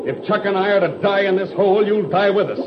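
An actor playing a firm, heroic pilot who speaks in clipped commanding orders, in 1940s radio acting. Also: male voice, sits high, quick pace, natural voice. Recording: lo-fi old radio recording, hiss.

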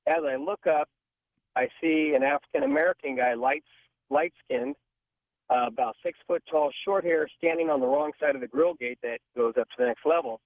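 A male caller on the phone telling a story in an animated way, acting out the voices of the people he quotes. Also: fairly high pitch, moderate pace, no echo. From California. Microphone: telephone. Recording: tinny phone line.

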